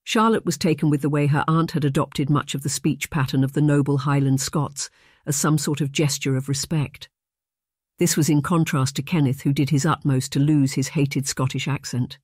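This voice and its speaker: Even, steady audiobook narrator for a romance; mid pitch, dead dry sound. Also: normal speed, dry recording. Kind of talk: scripted narration.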